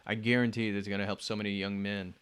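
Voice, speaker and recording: A man's voice: lowish voice, level tone, quick pace, fairly bright tone, clean tone. A man hosting a casual conversation in an easygoing, conversational way. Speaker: host.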